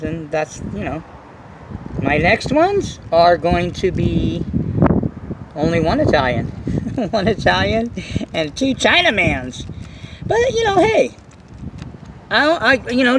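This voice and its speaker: A man talking to camera about his hobby in a casual, boastful, rambling way, full of restarts and excitement. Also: high-pitched, noisy background. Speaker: RC nitro hobbyist vlogger.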